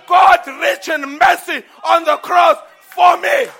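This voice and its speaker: A man's voice: very high voice, steady tone, slow pace, some chatter behind, voice pushed up, exaggerated voice. A preacher voicing an overwhelmed repentant thief who cries out his testimony at full volume. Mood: fervent. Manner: shouting testimony. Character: overwhelmed repentant thief, adult man, crying out.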